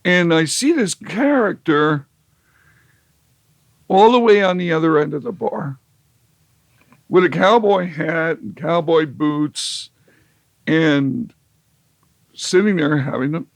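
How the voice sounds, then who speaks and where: A man's voice: a little high, lively intonation, takes it slowly, long pauses, no room sound. A man telling a long, wry, rambling story as an interview guest, with lots of fillers and restarts. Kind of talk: casual storytelling.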